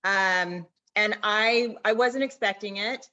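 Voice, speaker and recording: A woman telling an emotional personal story on a video call, halting and restarting as she holds back tears. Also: medium pitch, pushed and bright. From Arizona. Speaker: network marketing distributor sharing a story. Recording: dull lo-fi video call audio.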